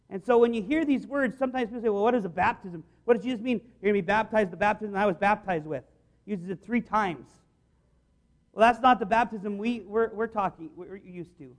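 High-voiced, earnest male preacher. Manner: earnest, conversational, many restarts. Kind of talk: sermon.

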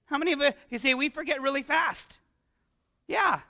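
A man preaching a conversational sermon into an amplified microphone, animated and often asking his congregation rhetorical questions. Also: very high voice, moderate pace. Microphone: amplified microphone with some feedback.

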